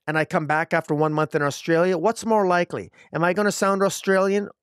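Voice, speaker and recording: Casual male comic reviewer from Canada, rambling delivery, slightly high pitch, dry close recording. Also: fairly even intonation, a little fast, fairly bright tone, smooth, no echo. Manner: rambling, frequent fillers and restarts.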